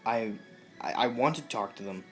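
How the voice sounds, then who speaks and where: A young man talking casually to the camera in a halting, hesitant way, with many restarts and fillers. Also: lowish voice, soft background music. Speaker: vlogger.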